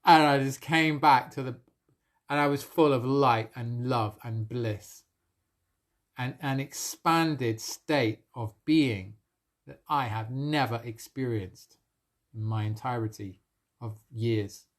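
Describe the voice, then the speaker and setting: A man sharing a personal spiritual experience on a live stream, earnest and emotional, with soft laughs between phrases. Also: medium pitch, takes it slowly. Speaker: spiritual coach.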